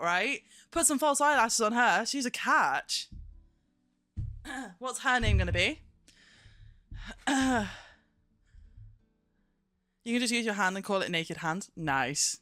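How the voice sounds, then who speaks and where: A young woman live-streaming with a slight lisp, chatting fast, giggly and excitable. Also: fairly high pitch, no echo, clean studio sound. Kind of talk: casual live-stream chat.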